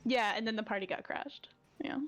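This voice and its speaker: A woman player at a tabletop game, talking in an animated, casual and sweary way. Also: a little high, a little fast. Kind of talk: casual play session chat.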